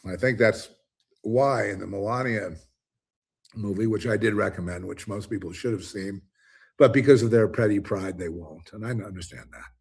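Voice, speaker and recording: A man's voice: lowish voice, moderate pace, vocal fry, darkish tone, breathy edge. A man hosting his own commentary show, ranting alone in an emphatic, rambling way with many restarts. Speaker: commentary host. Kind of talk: ranting solo monologue.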